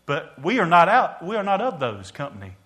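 A preacher delivering a sermon, swelling loud and dropping quiet, calling out to the congregation. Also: male voice, a little high, wildly swooping pitch, fairly quick.

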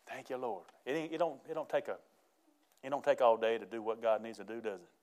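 A man preaching a lively, folksy sermon, laughing as he goes. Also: medium pitch, fast. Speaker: pastor.

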